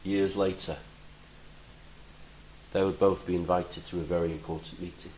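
A man preaching a conversational sermon, reflective with gentle humor and a voice that rises and drops for emphasis. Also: low-pitched, flat delivery, normal speed, reverberant, a little hiss or hum, low-quality recording.

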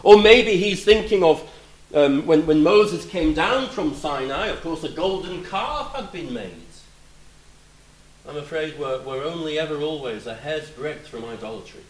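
A man preaching a sermon in a roomy, echoing space. His voice sits a little high and swings widely in pitch, rising loud for emphasis and then dropping to quiet asides. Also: lively intonation, measured pace.

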